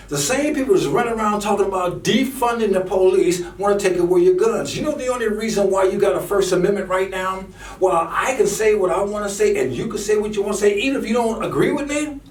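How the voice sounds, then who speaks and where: Here a man with a high voice rants about politics like a preacher, doubling back on words when his passion rises. The commentator sits far from the microphone in a reverberant room, with slight background noise.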